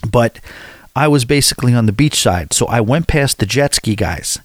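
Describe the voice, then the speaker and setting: A man's voice: medium pitch, expressive, moderate pace, no room sound. Man, casual travel storyteller, rambling and candid, dry close sound. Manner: rambling, candid, talks straight to the viewer.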